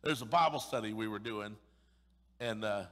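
A male pastor preaching an emphatic, sarcastic sermon, swinging between loud pushes and sudden hushed asides. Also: lowish voice, normal speed, long reverb tail. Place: church sanctuary.

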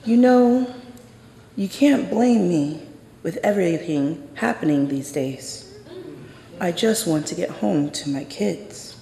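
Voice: medium pitch, animated, slow pace, creaky, mellow. A storyteller voicing a scared, defensive woman police officer who turns falsely chatty, in a slightly raised voice. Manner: brusque, then falsely chatty. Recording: roomy hall with long reverb.

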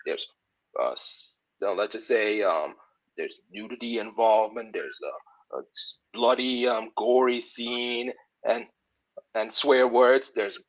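A man chatting casually, talking in halting bursts full of restarts and fillers and laughing at his own jokes. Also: lowish voice. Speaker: guest. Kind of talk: casual chat. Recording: dull lo-fi sound.

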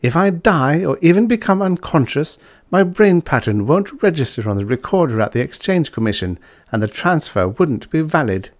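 A man's voice: fairly high pitch, big pitch swings, moderate pace, pitched above the performer's own voice. A cool, defiant young woman, as a man puts her on.

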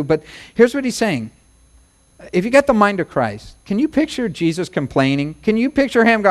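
High-voiced preacher man, folksy. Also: big pitch swings, moderate pace. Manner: folksy, humorous preaching with rhymes and acted-out quotes. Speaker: pastor. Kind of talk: sermon.

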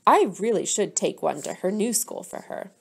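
A woman voicing a kindly older male teacher in a storybook read-aloud, musing gently to himself. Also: medium pitch, big pitch swings, normal speed, creaky, breathy edge, exaggerated voice.

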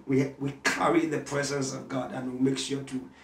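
A man with a Ghanaian accent, speaking as a prophet guest who prays and preaches in an interview, at times shouting. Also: medium pitch, little pitch movement, moderate pace, vocal fry, reverberant, far from the mic, slight background noise.

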